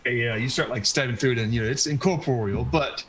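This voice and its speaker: A man serving as game master who narrates the fight loosely, laughing along with his players. His voice sits in a middle pitch, and a faint hum runs under the recording. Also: brisk, a bit bright, rough recording. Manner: laughing, loose, describing actions casually.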